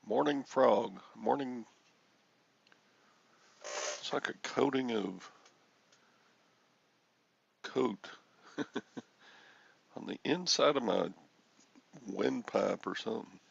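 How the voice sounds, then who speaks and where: An older man hosting a casual chat, his voice crackly and gravelly from a frog in his throat, rambling and clearing his throat often. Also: mid-range voice, drawn-out words, long pauses, highs cut off. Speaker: host.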